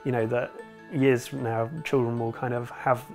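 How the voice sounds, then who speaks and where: A man reflects on his work in a relaxed interview, stopping often and circling his words. His voice sits at a middle pitch, and soft music plays behind him. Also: moderate pace. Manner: hesitant, many fillers. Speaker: illustrator.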